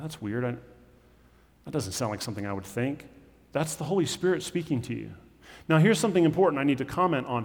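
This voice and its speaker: A pastor, a man, preaches in an easy, conversational way and slips into quoted voices to make his points. His voice sits somewhat high for a man. The sound rings with the long reverb of a large hall. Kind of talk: sermon.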